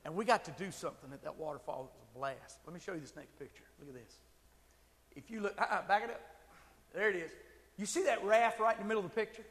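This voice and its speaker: A man with a very high voice preaches a sermon, spinning a lively story and building to shouted, fervent emphasis. His voice carries a long reverb, as if it fills a big church sanctuary. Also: fast talker. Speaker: pastor.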